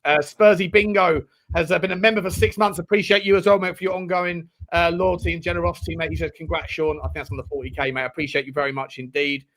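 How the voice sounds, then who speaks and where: Brief: a chatty streamer, high-pitched, gushing thanks to his viewers. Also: steady tone, fast, a bit bright, a little hiss or hum, poor audio. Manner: effusive, thanks viewers over and over with "mate". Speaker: livestream host. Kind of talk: casual live watchalong chat.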